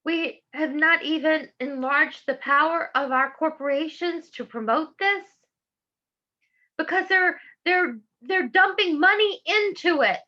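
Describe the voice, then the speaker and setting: A woman's voice: high voice, measured pace, bright, forceful tone, muffled recording. A middle-aged woman from Georgia with a Southern accent, giving impassioned public testimony in a fervent, preacherly way. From Georgia, USA. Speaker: public speaker.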